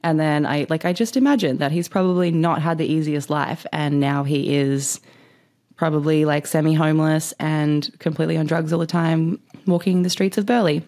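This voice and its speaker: Low-voiced woman, rambling storytelling. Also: fairly even intonation, moderate pace, dark tone. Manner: rambling, swears freely, says "like" constantly. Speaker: vlogger. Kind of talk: casual storytelling.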